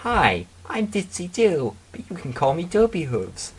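A scatterbrained pegasus mare, as a man puts her on in a thin, squeaky falsetto far above his own voice. The tone is husky and breathy under the chirp. It is a comedic dramatic reading of fan fiction. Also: huge pitch swings, unhurried, exaggerated voice. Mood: chirpy. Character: scatterbrained young female pegasus pony.

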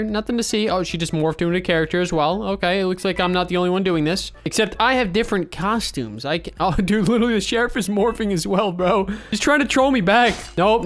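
A man giving playful, excitable commentary over his own gameplay, often calling people "bro" and teasing other players. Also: sits high. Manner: banters with other players in voice chat. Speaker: gaming YouTuber.

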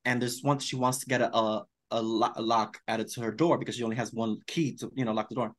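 A man co-hosting a podcast in casual chat, animated and campy, calling people darling. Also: mid-range voice, quick pace. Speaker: podcast co-host.

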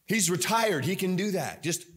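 A man's voice: high voice, normal speed, slightly rough. A man preaching a sermon in a church, telling stories with lots of energy, fillers and repeated phrases. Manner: energetic, animated storytelling with many fillers and repetition. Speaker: pastor. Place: church sanctuary.

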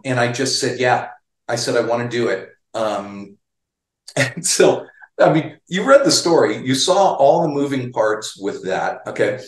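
A man's voice: mid-range voice, reverberant. A man, a guitar magazine writer, telling a long story in an interview, chatty and full of restarts.

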